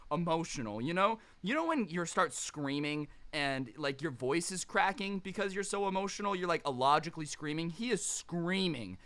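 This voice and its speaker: A young man telling a casual storytime with a sarcastic, animated delivery. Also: a little high, moderate pace, hardly any pauses.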